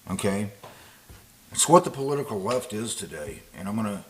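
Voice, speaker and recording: A man's voice: lowish voice, lively intonation, normal speed, slight background noise. A man giving casual spoken commentary to camera, rambling and digressive, with frequent fillers and restarts. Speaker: political commentator.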